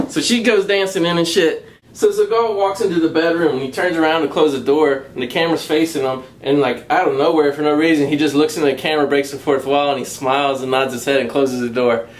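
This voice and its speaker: A man giving a casual, profanity-laden movie review, recounting the plot in a crude, mocking, animated way and laughing along. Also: on the high side, quick pace.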